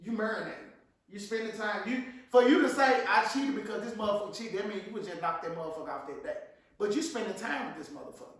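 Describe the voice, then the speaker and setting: Brief: man who presses hard with questions, high voice, heard from a distance in an echoey room. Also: lively intonation, fast. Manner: pointed, pressing questioner, swears freely. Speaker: podcast co-host. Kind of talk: heated casual podcast chat. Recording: echoey room, mic far off.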